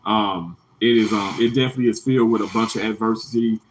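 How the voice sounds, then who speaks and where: A man's voice: steady tone, fast, a little hiss or hum, low-quality recording. Heartfelt rambling man on a livestream. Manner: heartfelt, rambling, repeats himself, pitch jumps high when emphatic. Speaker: livestream host. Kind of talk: emotional livestream chat with viewers.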